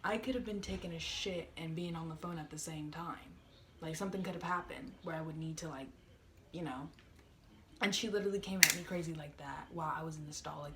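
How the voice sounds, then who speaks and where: Chatty low-voiced young woman vlogging. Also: background noise. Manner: chatty, filler-heavy, exasperated. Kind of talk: casual storytime vlog.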